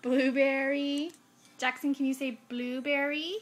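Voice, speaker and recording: Slow, high-voiced mother coaxing toddlers. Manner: slow, patient, sing-song prompting with repeated words. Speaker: mother filming her toddlers. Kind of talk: home video, coaxing small children.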